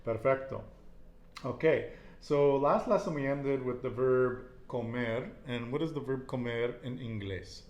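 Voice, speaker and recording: A man's voice: mid-range voice, unhurried, a little mellow, echoey room. A man teaching a casual Spanish lesson, repeating each answer and praising it.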